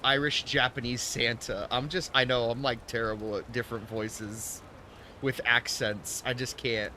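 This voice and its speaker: Brief: young male streamer, rambling chat, bright tone, faint noise behind. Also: mid-range voice, little pitch movement, moderate pace. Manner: chatty, rambling, filler-heavy. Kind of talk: casual gameplay commentary.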